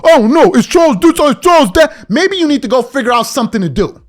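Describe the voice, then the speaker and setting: High-voiced, exasperated man ranting. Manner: exasperated, blunt, slangy and repetitive. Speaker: commentary show host. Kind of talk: heated opinion rant.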